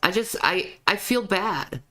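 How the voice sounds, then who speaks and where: A woman's voice: medium pitch, expressive, measured pace, bright, forceful tone. A woman commenting on a video clip, often stammering and repeating her words. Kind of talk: reaction commentary.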